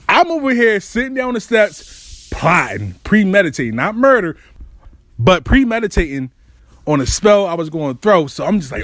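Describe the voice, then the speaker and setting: Animated, profane young man telling a story. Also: high voice, normal speed, no echo, clean studio sound. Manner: animated, profane, acts out quotes. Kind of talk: comedic personal storytelling.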